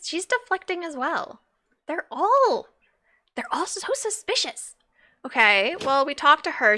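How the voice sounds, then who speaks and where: A woman's voice: sits high, pushed and bright. A woman streaming a game live, chatting playfully, laughing and reading chat aloud. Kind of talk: casual live-stream commentary.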